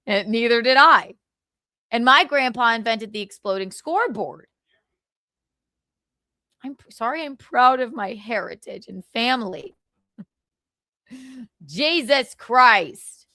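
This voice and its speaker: A woman hosting a gossip live stream, sarcastic and quick to laugh. Her voice rides a little high and swoops a lot. Close, dry mic. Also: lively intonation, bright, forceful tone, dry recording.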